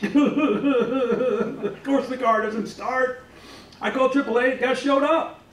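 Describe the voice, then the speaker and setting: A man's voice: very high voice, steady tone, takes it slowly, distant mic. A man doing a stand-up comedy set, telling folksy stories and acting out voices. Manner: folksy storytelling, acts out voices. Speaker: stand-up comic. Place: comedy club stage. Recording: roomy club, off-mic, faint noise.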